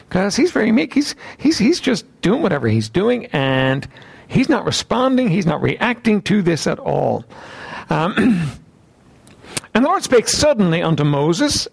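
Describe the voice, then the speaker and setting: Male preacher, gravelly voice, lively and varied delivery, keeps clearing his throat while teaching from scripture. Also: on the high side. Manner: reads scripture aloud in old wording. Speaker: Bible teacher. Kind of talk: sermon with scripture reading.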